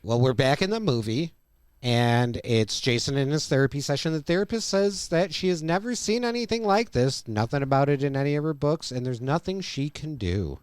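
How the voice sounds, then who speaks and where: A man's voice: mid-range voice, animated, fairly quick, darkish tone, clean tone, no echo. A man co-hosting a podcast, recapping an episode's plot and quoting its lines. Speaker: podcast co-host.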